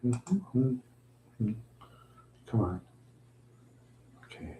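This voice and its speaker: A man's voice: medium pitch, sing-song, drawn-out words, warm tone, slight background noise. A middle-aged man rambling on a live stream, mumbling and repeating himself in a self-pitying way. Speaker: livestream host. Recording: echoey room.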